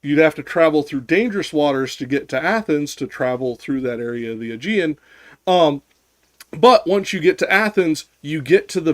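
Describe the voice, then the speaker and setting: A man in casual chat who explains at length, rambling with restarts and casual swearing. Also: fairly high pitch.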